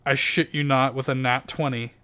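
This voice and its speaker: A man's voice: mid-range voice, steady tone, normal speed, pushed and bright, smooth. A man narrating a tabletop role-playing game as game master, in a loose, chatty way full of fillers.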